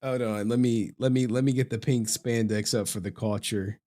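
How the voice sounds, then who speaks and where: A man's voice: mid-range voice, fairly even intonation, normal speed, mellow. A man live-streaming, chatting loosely with his viewers in slangy talk and laughing often. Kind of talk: casual live-stream chat.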